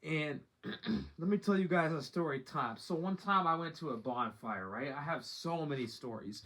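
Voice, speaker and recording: A man's voice: a little high, moderate pace, a bit bright. Slangy young man telling a story. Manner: slangy, rambling, cusses freely. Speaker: vlogger. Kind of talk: casual storytime monologue.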